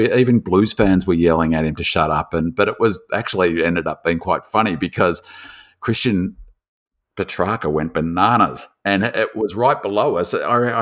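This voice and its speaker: Casting: very low-voiced Australian bloke, chatty podcast co-host who rambles and gets lively telling stories. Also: male voice. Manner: rambling, lots of restarts, animated when telling stories. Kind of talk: casual chat.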